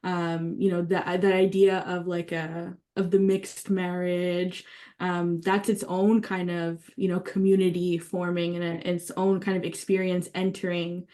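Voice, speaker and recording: A woman's voice: on the low side, level tone, a little slow, warm tone. Eager woman leading a writing workshop. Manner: enthusiastic, thinking aloud with many fillers. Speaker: workshop leader.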